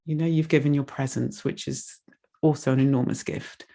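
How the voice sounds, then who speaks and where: A woman speaks with a gravelly, slightly fried voice as she makes a heartfelt donation appeal during an online meditation session. She rambles warmly and openly, sounding moved and close to tears. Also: extremely low pitch, fairly even intonation, normal speed.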